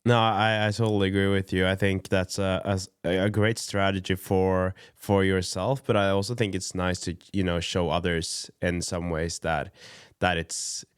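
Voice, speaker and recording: A man's voice: deep voice, level tone, normal speed, clear, resonant tone, no room sound, clean studio sound. A man hosting a running podcast, asking questions with frequent restarts and repeated words. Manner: hesitant, repeats words while forming questions. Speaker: podcast host. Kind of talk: interview questions.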